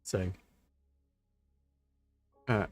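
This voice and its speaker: Speaking extremely slowly, this man rambles through a casual live-stream chat, fielding viewer questions. He thinks out loud, full of ums and restarts, and the audio carries no room sound.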